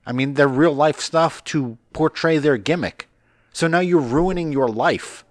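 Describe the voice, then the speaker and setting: A man's voice: on the high side, a little slow, no room sound. A man in casual chat, blunt and questioning, swearing now and then. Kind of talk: casual chat about pro wrestling.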